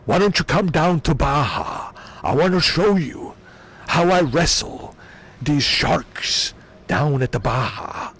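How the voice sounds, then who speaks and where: A man doing a comedic impression of a boastful older tough-guy ex-wrestler politician, in a slow, gravelly drawl. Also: on the high side, lively intonation, a bit bright, exaggerated voice. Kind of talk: comedic impression while gaming.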